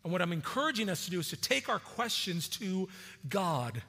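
A man delivers a sermon in a conversational, animated way, often restarting phrases with repeated words. His voice is bright and forceful and sits a little high. The sound rings with a long reverb from a large hall. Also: moderate pace. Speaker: pastor.

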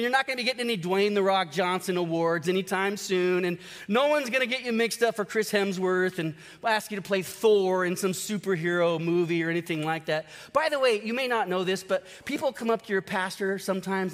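A male pastor preaching a sermon, telling a parable with animated storytelling and acting out the characters. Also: high voice, fairly quick, few pauses. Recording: long hall reverb.

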